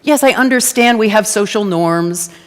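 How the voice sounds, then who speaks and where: A woman's voice: mid-range voice, moderate pace, big-room sound. A woman giving a conversational, playful sermon to a congregation and asking them to answer back. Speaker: guest speaker at a church service. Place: church sanctuary before a congregation.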